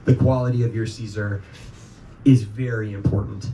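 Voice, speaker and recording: A man's voice: lowish voice, steady tone, normal speed, warm tone. A man from North Dakota telling a story live to an audience, casual and rambling, full of ums and swearing. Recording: echoey live room from far off, noisy.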